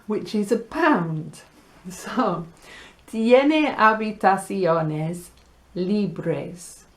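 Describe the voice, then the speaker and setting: A woman teaching Spanish vocabulary, explaining words patiently and sounding them out slowly and playfully. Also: medium pitch, darkish tone. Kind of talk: language lesson.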